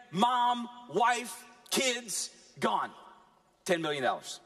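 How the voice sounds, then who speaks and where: Preaching a sermon, this high-voiced man is lively and animated, letting dramatic pauses punctuate his delivery as pastor.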